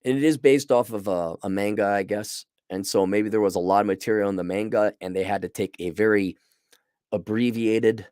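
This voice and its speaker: A man's voice: fairly low pitch, fairly quick, darkish tone, clear, resonant tone, dry recording, studio quality. A middle-aged man hosting a casual livestream review, talking bluntly and rambling, often restarting his sentences. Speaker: show host reviewing a series.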